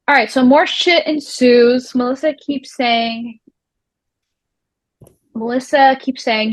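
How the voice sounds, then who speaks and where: A young woman co-hosting a casual TV recap, animated and swearing casually as she retells the drama. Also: high voice, slow pace, long pauses, no echo, rough recording. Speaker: recap show co-host.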